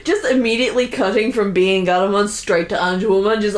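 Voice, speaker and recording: A woman's voice: medium pitch, steady tone, fairly quick, hardly any pauses. A woman giving casual creator commentary, joking around, laughing easily and quoting lines in mock voices.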